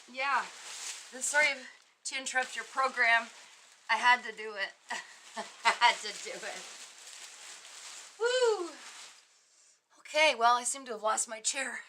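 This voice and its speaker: Giggly high-voiced woman livestreaming. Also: pushed and bright, a little hiss or hum. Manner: giggly, reads viewer comments aloud. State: muffled inside an inflatable costume at times. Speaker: psychic livestream host. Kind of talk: casual livestream chat.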